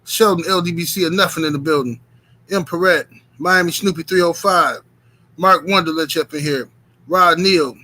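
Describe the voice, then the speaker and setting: Male stream host, bright and a little high, casual and chatty, big on viewer shout-outs. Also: normal speed. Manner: hypes the chat, shouts out viewers by name; relaxed with many fillers. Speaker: host of a boxing talk stream. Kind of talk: casual live-stream chat.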